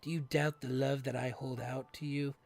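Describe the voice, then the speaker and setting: A man voicing a frightened young captive woman in a video game, in a high falsetto. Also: little pitch movement, normal speed, gravelly, darkish tone, close to an everyday voice. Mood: pleading. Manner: high squeaky falsetto pleading.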